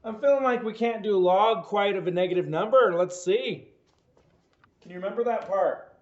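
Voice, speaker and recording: High-voiced man teaching math in an echoey room. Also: normal speed. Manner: playful, quizzing the listener with jokey asides. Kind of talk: homework walkthrough lesson. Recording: echoey, dull lo-fi recording.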